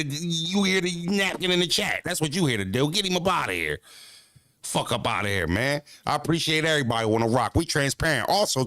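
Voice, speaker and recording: A male streamer with a high-leaning voice reacts to his chat in casual livestream talk, animated and full of profane street slang as he talks back to viewers. The recording is dry and close-miked.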